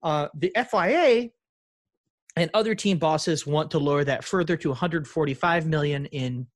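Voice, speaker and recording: A man's voice: fairly high pitch, moderate pace, no room sound, studio quality. A man co-hosting a casual podcast chat, laughing often and reading quotes aloud with rambling asides. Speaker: podcast co-host.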